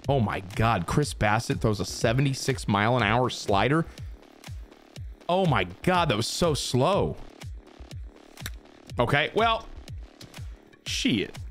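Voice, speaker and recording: Excitable, swearing young gaming streamer man. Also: medium pitch, slow, pauses often, soft background music. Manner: excitable, swearing, talks to himself and his viewers. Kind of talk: live gameplay commentary.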